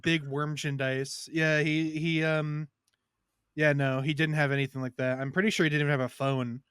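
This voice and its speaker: A man rambles through a crude story on a podcast. His voice is smooth and clean, recorded dry and close. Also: fairly high pitch, little pitch movement, moderate pace, no room sound. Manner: rambling storyteller, loud shouted impressions. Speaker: podcast co-host. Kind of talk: casual crude chat.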